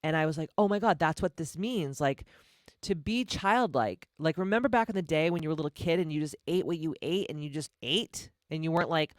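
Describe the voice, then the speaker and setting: A woman's voice: low voice, a little fast, no echo, clean studio sound. A woman in her forties hosting her own podcast, speaking candidly and emphatically, swearing freely. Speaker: podcast host. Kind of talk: candid personal podcast monologue.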